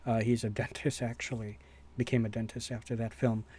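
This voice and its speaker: A man's voice: medium pitch, little pitch movement, a little fast, warm tone, breathy edge. Rambling man in casual reaction chat. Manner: rambling, hesitant, many fillers and restarts. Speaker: reaction video host.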